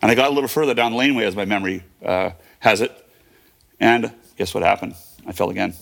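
Tell it fast, low and gravelly, like a man in his fifties reliving a childhood story. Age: 50s. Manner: vivid present-tense retelling with fillers and restarts. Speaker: guest. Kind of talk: personal storytelling.

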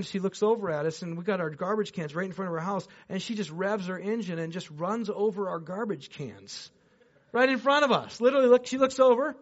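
Male pastor, high voice, animated sermon storyteller, dull lo-fi sound. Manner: animated, swinging between loud excited bursts and hushed low passages; chatty, addresses the congregation directly with asides. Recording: dull lo-fi recording.

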